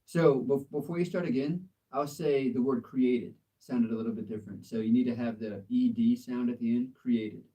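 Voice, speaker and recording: A man's voice: mid-range voice, fairly even intonation, moderate pace, few pauses, dark tone, recorded from a distance, low-quality recording. An American man giving a casual live English lesson, patiently correcting a learner's pronunciation with encouragement and frequent laughs. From United States. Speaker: English tutor. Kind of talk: live language exchange lesson.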